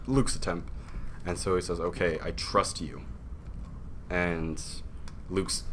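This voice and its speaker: A young man in casual chat with friends, rambling through a retold story and slipping into quick voices for its characters. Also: deep voice, fairly bright tone, slight background noise. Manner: rambling, acts out lines in quick put-on voices.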